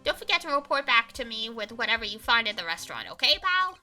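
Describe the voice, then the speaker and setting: A woman voicing an eager, gruff grown male police detective who talks in a bossy, chummy way, over faint game music. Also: on the high side, sing-song, fast, sharp tone, heavily acted. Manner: bossy and chummy, calling people pal.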